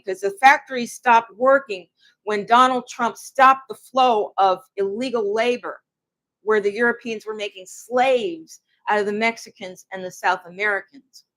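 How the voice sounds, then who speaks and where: A woman recounting her own hard experiences in a personal, emotional way, with halting restarts. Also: medium pitch, fairly bright tone. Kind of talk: personal account to camera.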